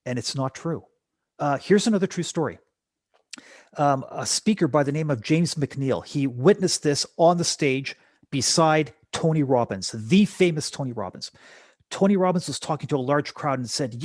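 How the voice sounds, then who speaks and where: A man's voice: on the high side, animated, normal speed, no echo, clean studio sound. A man speaking as a podcast guest, telling stories and reflecting with rhetorical questions. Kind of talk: conversational storytelling.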